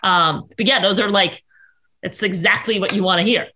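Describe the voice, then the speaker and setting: A woman, a journalist guest on a podcast, talking casually in quick bursts with frequent restarts. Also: mid-range voice, bright, forceful tone, a little hiss or hum. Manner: chatty, quick with many restarts.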